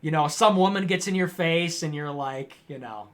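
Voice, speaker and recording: A man's voice: fairly high pitch, moderate pace. A man hosting a livestream, reading viewer comments aloud and answering them in a sarcastic, mocking way. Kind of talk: casual political commentary.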